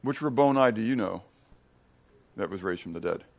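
A man preaching a sermon as pastor, animated, often asking the congregation questions and swinging between loud and hushed delivery. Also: on the low side, normal speed, gravelly, highs cut off.

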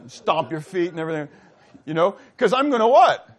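A man's voice: very animated, a little fast. Man preaching with a conversational lilt. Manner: conversational preacher asking the congregation questions; acts out dialogue, voice dropping low and soft. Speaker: pastor. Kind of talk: sermon.

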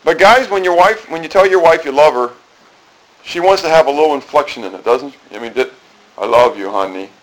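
A pastor in middle age delivers a chatty sermon at a quick pace, his voice on the high side and the recording poor. He keeps asking the congregation questions, frequently repeating himself and starting phrases over.

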